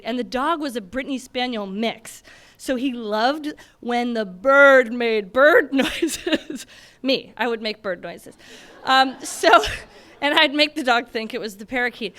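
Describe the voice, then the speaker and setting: A young woman from Michigan telling a personal story on stage, animated and laughing often as she acts out the moments. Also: sits high. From Michigan, USA. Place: stage before a live audience.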